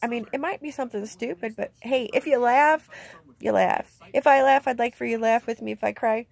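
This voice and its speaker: A woman's voice: fairly high pitch, vocal fry, darkish tone. A middle-aged woman vlogger speaking candidly and emotionally in a plainspoken, heartfelt way from inside a camper. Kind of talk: candid personal vlog.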